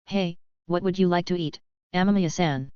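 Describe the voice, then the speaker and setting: A woman voicing a kind, anxious teenage schoolgirl in her own even narrating voice. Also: on the low side, smooth, no room sound, lo-fi sound, lightly acted. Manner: hurried, worried.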